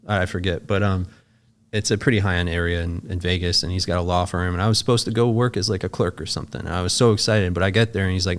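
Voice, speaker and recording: Man, young adult, low voice, podcast guest, casual storytelling, emotional, profane. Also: quick pace. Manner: emotional, profane, animated retelling with quoted dialogue.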